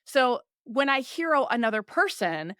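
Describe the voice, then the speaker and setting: A podcast host who is a woman talks through ideas in a smooth, medium-pitched voice. She is animated and slips into quoted complaints to make her points. The sound is close and dry, with no room around it. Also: moderate pace, no room sound. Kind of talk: explanatory conversational talk.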